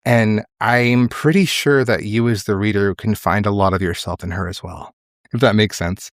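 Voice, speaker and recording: A man's voice: on the low side, moderate pace, no room sound, clean studio sound. Candid young man hosting a podcast. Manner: candid, emotional, swears freely. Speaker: podcast host. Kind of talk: casual solo podcast talk.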